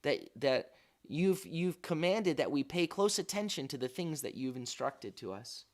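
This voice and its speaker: A man's voice: fairly high pitch, animated, measured pace. A man leading a daily devotional, earnest and thinking aloud with frequent restarts and fillers, sounding out Hebrew words as he explains them. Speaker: pastor.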